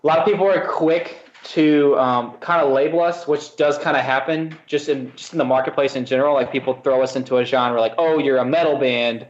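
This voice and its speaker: A man's voice: mid-range voice, steady tone, brisk, hardly any pauses, roomy sound, highs cut off. A man from a band, a guest on a radio interview, telling stories in a friendly, easygoing way. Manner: friendly, storytelling. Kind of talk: casual interview chat.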